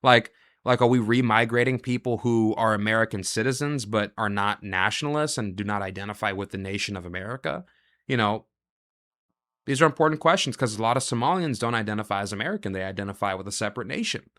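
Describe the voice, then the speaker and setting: Fairly bright in tone and lowish in pitch, this male host gives a reaction monologue packed with quick rhetorical questions and long strings of ideas.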